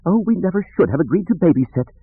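Prissy fretting droid guy, a man putting him on, way up high and whiny, tinny lo-fi sound. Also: sing-song, fast talker, breathy edge, exaggerated voice. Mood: fretful. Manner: prim and anxious, wailing complaints. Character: fussy, fretful male protocol droid. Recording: tinny lo-fi audio, dry.

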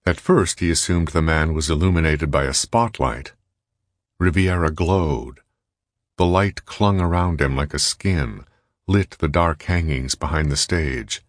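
Very deep-voiced male narrator. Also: no room sound, clean studio sound. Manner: even, measured reading. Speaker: audiobook narrator. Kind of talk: scripted narration.

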